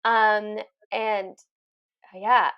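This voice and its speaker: A woman's voice: medium pitch, flat delivery, very slow, clear, resonant tone, muffled recording. A woman co-hosting a podcast as a medium, chatting casually in a friendly, rambling way. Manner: chatty, many fillers and restarts, laughs often. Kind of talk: casual chat.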